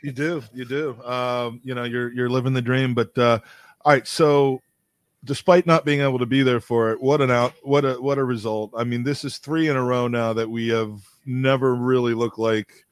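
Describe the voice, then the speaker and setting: A man's voice: mid-range voice, fairly even intonation, moderate pace, dry recording. A man hosting a casual podcast chat, talking in a friendly, hesitant way with many fillers. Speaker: podcast host.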